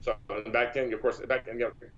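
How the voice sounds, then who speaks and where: Brief: male interview guest, mid-pitched, meandering storyteller, dull lo-fi audio. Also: flat delivery, brisk, fairly bright tone. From Texas. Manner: rambling, with many false starts and repeats. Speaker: powerlifter guest.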